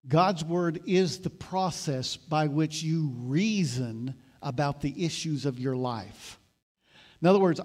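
A man preaching a sermon, moving between loud emphatic exhortation and calm explanatory teaching. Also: a little high. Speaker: pastor.

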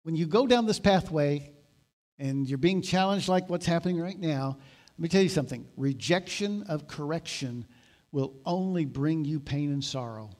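A pastor delivering a conversational sermon, building to emphatic exhortation. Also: male voice, a little high, normal speed, a little mellow.

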